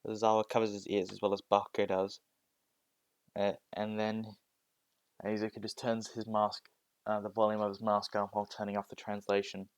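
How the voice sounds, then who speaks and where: A man's voice: lowish voice, completely flat delivery, moderate pace, clear, resonant tone, no echo. A young man improvising a fan-fiction story, hesitant with many fillers and restarts.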